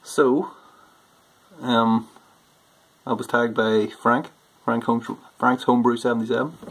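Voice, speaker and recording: A man with a Northern Irish accent chatting casually through an accent challenge on his vlog, self-deprecating and loud on stressed words. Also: mid-range voice, steady tone, takes it slowly, slightly rough, rough recording. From Northern Ireland. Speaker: homebrewing YouTuber.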